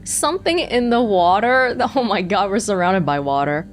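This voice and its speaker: A woman's voice: medium pitch, animated, normal speed, slight background noise. Chatty woman gamer commenting. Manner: chatty, amused asides. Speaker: let's play gamer. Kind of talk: casual gameplay commentary.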